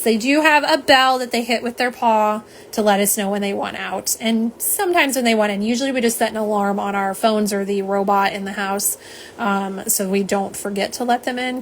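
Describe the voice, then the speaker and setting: A woman's voice: mid-range voice, fairly bright tone, a little hiss or hum. A woman chatting through a live nail polish swatch stream at home, rambling and reading out viewer comments. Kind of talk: live unboxing chat.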